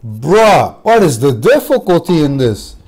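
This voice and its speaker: A man's voice: a little high, big pitch swings, a little slow. Exasperated swearing gamer guy. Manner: loud exasperated reactions, heavy swearing. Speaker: gaming YouTuber. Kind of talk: gameplay commentary. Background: background music.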